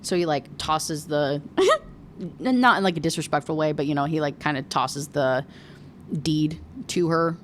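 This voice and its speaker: A woman's voice: sits low, animated, normal speed, slight background noise. A young adult woman reviewing a book in a casual rant, sarcastic, exasperated and profane.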